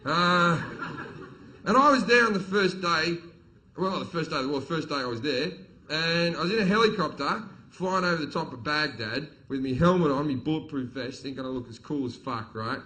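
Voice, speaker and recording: A brash man working a live crowd on stage, his voice bright and forceful and sitting a touch high. He talks bluntly and swears freely, as a stand-up comic does. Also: lively intonation, normal speed, slight background noise, rough recording. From Australia. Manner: profane, blunt, swaggering delivery with acted quotes. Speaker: stand-up comedian. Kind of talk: stand-up comedy storytelling. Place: live comedy venue with audience.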